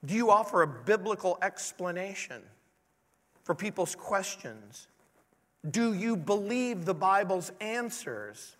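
A man's voice: sits high, big pitch swings, takes it slowly, a bit bright. A man preaching a sermon as a pastor, earnest and pleading, with many rhetorical questions. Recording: long hall reverb.

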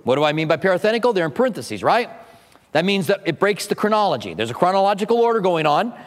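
A man preaches to his congregation with a fairly high voice. He teaches in an easy, conversational way, breaking off for humorous asides before returning to his point. His voice rings out with long reverb through the church sanctuary. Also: sing-song, fast. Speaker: pastor. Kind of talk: sermon.

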